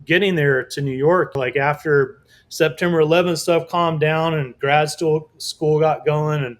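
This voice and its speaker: A man telling a lively story as a guest in an interview, casual and swearing often, acting out other people's voices. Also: a little high, unhurried. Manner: animated, swearing, acts out quoted voices. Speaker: guest artist.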